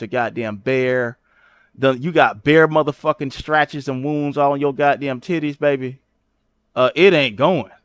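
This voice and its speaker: A man hosting a livestream, roasting someone loudly and profanely, jumping into shrieking high tones to mock and often asking "you know what I'm saying". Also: clean tone, dry recording. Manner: loud mocking roasting with shrieking high jumps. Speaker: livestream host. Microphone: streaming setup at a computer.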